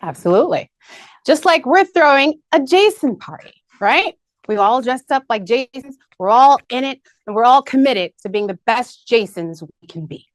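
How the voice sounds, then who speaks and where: A woman's voice: on the high side, expressive, moderate pace, no room sound. A woman presenting to a team in an upbeat business meeting, peppy and rallying, repeating key points. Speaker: marketing presenter. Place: video call meeting.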